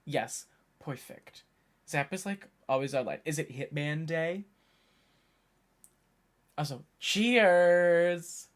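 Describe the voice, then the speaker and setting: A man's voice: a little high, a little slow. Streamer, mid-twenties male, loose rambling chat, voice frayed from a long day of talking. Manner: rambling, chatty, thinks aloud. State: tired, voice worn from hours of talking. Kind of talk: casual live-stream chat.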